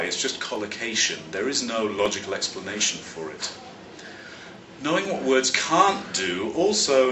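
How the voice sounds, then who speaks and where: A man from London teaching a vocabulary lesson, his bright voice rising and falling with lively pitch. He talks in a clear, measured way and leans on key words. He sounds set back from the mic in an echoey room. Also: recorded from a distance, a little hiss or hum. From London, England. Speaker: English teacher and teacher trainer. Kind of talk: explanatory spoken lesson. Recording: roomy echo, slightly off-mic.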